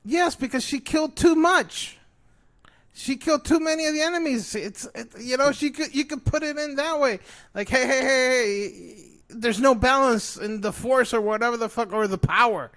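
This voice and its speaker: A man co-hosting a casual show, ranting excitedly and swearing a lot. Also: extremely high pitch, moderate pace. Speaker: podcast co-host. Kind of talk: casual chat.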